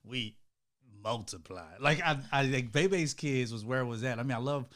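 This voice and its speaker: A man in his thirties co-hosting a casual chat with his wife, animated, laughing often and acting out quotes in a raised voice, speaking. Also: medium pitch, brisk. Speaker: co-host, husband.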